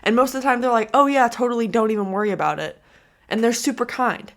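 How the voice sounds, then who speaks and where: A woman's voice: fairly high pitch, quick pace. Chatty, exasperated woman vlogger. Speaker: commentary vlogger. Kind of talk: casual reaction commentary. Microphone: camera.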